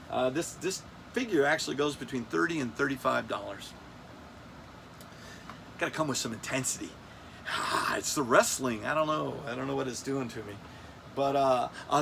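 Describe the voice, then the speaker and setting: A man's voice: medium pitch, creaky, fairly bright tone, slight background noise. Rambling man in his fifties. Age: 50s. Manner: rambling, self-joking, loses his place. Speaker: toy collector host. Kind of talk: casual countdown vlog. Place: air-conditioned room.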